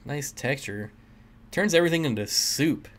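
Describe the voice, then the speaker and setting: A man's voice: fairly high pitch, lively intonation, moderate pace. A man hosting a casual livestream, reading chat comments aloud and joking with viewers, often laughing. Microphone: desk mic.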